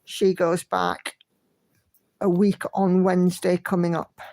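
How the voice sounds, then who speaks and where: A woman's voice: on the low side, level tone, slow pace, a little mellow, no room sound. A woman hosting a casual livestream, chatting in a friendly way and greeting viewers by name as she reads their comments. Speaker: livestream host.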